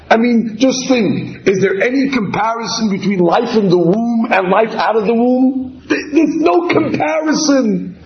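A man's voice: extremely high pitch, animated, a little slow, few pauses, a little hiss or hum. A man teaching a Torah class, telling a story and animatedly acting out its dialogue. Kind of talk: storytelling lecture. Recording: echoey, slightly dull recording.

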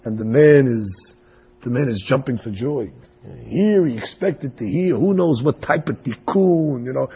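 Raspy gravelly man telling a sermon story. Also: medium pitch, a little slow, dull audio. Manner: animated, dramatic storytelling.

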